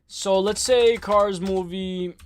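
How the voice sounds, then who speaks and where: A young man hosting a livestream in casual chat, excitable and rambling, often repeating himself and saying "like" and "bro". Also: high-pitched, slow pace. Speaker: livestream host.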